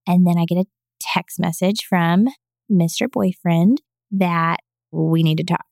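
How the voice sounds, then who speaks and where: Appearing as a podcast guest, a woman shares her personal story in an interview, earnest and emotional, acting out the voices of people she quotes. Her voice sits on the low side with vocal fry and a darkish, steady tone at a measured pace. The studio-quality recording has no echo.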